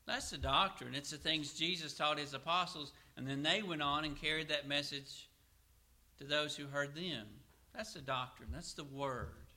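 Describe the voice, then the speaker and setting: Man preaching, very bright tone, slightly high voice, asks and answers his own questions, slows to read scripture. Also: fairly even intonation. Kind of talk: sermon.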